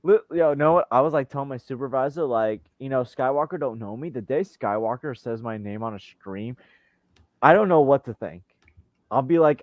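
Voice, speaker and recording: A man hosting a casual group chat on a stream, telling animated, jokey stories and slipping into silly impressions. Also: mid-range voice, moderate pace, no room sound, lo-fi sound. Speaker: show host.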